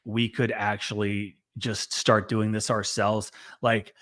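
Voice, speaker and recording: A man who runs a service business, speaking as a guest in a casual Q&A in a relaxed, rambling way with many fillers. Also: lowish voice, takes it slowly.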